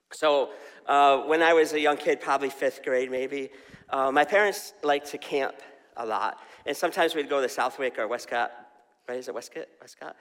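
Chatty preacher in a reverberant hall. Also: male voice, mid-range voice, fairly bright tone. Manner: storytelling, chatty, asks the crowd questions. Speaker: pastor. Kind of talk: sermon. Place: church hall.

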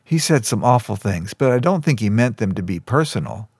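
A man's voice: on the low side, big pitch swings, a little fast, darkish tone, husky, no room sound, studio quality, exaggerated voice. A man reading a story voices a shy but stubborn teenage boy hero in a plain, earnest way.

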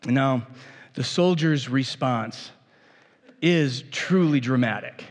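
A man's voice: medium pitch, takes it slowly, big-room sound. A man preaching a sermon as pastor in a casual, conversational way, often restarting his phrases.

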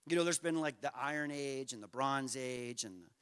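A man's voice: mid-range voice, normal speed, fairly bright tone, clean tone. Pastor man in an echoey church. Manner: conversational and self-deprecating, acting out the story with rising energy. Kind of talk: sermon with personal storytelling. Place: church sanctuary. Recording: long hall reverb from a church sanctuary.

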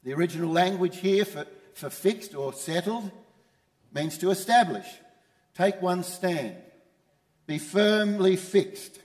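A man's voice: high-pitched, slow, a little mellow, big-room sound. A man preaching a sermon as pastor, emphatic and repeating his key phrases. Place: church.

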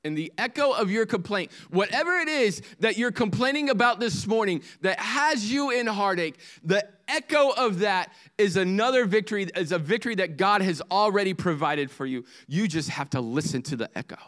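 A man preaching a sermon as pastor, swinging from impassioned highs to hushed lows. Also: expressive, normal speed, few pauses.

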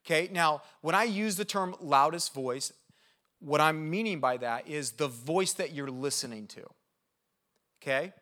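Bright, energetic male preacher. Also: a little high. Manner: conversational, checks in with "okay?" and "right?"; energetic and animated, with quick asides. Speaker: pastor. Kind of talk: sermon.

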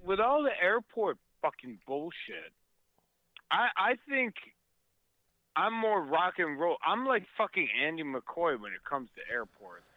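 A man's voice: high-pitched, big pitch swings, no echo, phone-quality sound. A man telling travel stories in casual chat, rambling and swearing with many fillers. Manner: rambling, profane, halting with fillers.

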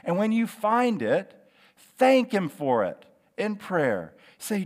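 Animated pastor preaching in a reverberant hall. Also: male voice, high-pitched. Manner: earnest, encouraging, emphatic with slow drawn-out phrases. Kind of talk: sermon. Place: church sanctuary.

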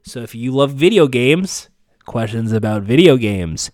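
A man's voice: mid-range voice, expressive, unhurried, darkish tone, no room sound. A man hosting a podcast in casual chat, candid and sarcastic, swearing freely. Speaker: podcast host.

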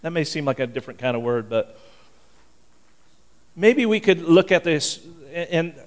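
Animated preaching man, slightly high. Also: measured pace. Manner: animated, conversational, fervent preaching with frequent restarts. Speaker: pastor. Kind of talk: sermon.

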